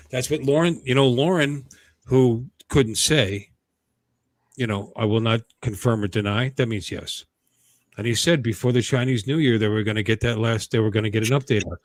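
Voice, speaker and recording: Male show host, mid pitch, dry close mic, loose rambling banter that keeps restarting. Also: no echo. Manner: rambling, jokey, self-interrupting. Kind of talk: casual livestream chat.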